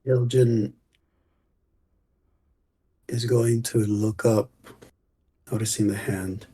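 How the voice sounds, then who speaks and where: A man playing his character in a tabletop game, describing his actions slowly and deliberately. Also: fairly low pitch, fairly even intonation, mellow, breathy edge. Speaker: player.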